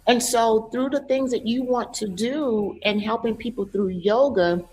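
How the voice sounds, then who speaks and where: A woman's voice: a little high, unhurried, a little mellow, rough recording. A woman hosting an interview as a coach over a video call. She speaks in an affirming way and keeps murmuring agreement. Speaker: host and coach. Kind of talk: casual interview chat.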